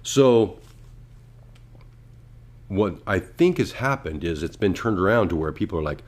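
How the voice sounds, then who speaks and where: A man with a very low voice hosts a casual podcast. He rambles and swears freely. He slips into quick impressions of what people would say. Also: animated, a little mellow. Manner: rambling, profane, acts out voices. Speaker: podcast host.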